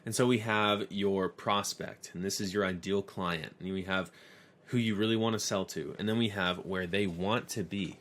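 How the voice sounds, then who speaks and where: A man's voice: low-pitched, fairly even intonation, normal speed, fairly bright tone. A man teaching an online course lesson, telling stories in a conversational way. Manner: conversational storyteller. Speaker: course instructor.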